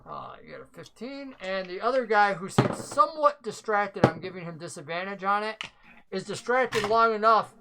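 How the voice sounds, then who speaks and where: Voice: mid-range voice, expressive, normal speed, creaky, heavy background noise. A game master who narrates a tabletop game and explains the rules at length, thinking aloud.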